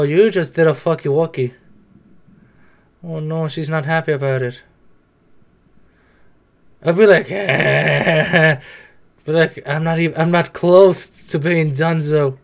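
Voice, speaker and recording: A man's voice: a little high, gravelly. A young man talking back at the screen in casual reaction commentary, chatty and swearing now and then. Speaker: reaction video host.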